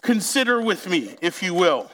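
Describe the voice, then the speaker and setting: A man's voice: sits high, sing-song, fairly bright tone. A man pastor preaching a sermon, drawing out key words and speaking directly to the congregation. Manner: slow, emphatic preaching with drawn-out key words.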